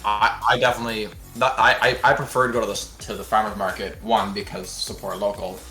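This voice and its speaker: A man from Canada chatting casually on a live stream, quick and restarting his sentences, with some swearing. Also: fairly low pitch, little pitch movement, bright, forceful tone, soft background music. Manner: quick, swearing, self-interrupting. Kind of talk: casual chat.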